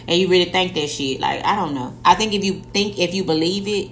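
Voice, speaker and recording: Laid-back female co-host, slightly low voice, faint background hum. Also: fairly even intonation, fast talker, few pauses, poor audio. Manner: rambling, laid-back, swears casually. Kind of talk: casual chat.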